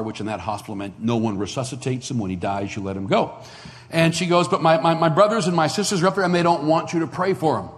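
A man preaching a sermon with an animated storyteller's delivery, jumping into the voices of the people he describes. His voice sits at an ordinary pitch for a man. The sound carries a long reverb from a large hall. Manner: animated storyteller acting out dialogue. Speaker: pastor.

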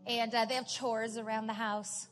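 Middle-aged woman pastor, high voice, conversational storytelling sermon in a reverberant hall. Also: level tone, normal speed. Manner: storytelling, chatty asides, rising to emphatic. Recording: large hall with reverb, faint music.

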